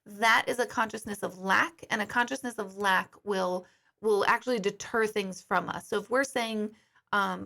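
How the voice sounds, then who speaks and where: Blunt, bright-voiced woman medium. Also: medium pitch, steady tone, normal speed, gravelly. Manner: candid, blunt, swears casually, greets viewers by name. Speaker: psychic medium hosting a livestream. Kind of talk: casual livestream talk.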